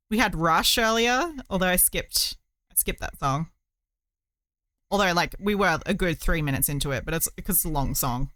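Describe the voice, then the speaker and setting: A woman's voice: fairly low pitch, unhurried, long pauses, a bit bright, no echo, studio quality. A woman streamer chatting casually while she crochets, rambling with many fillers.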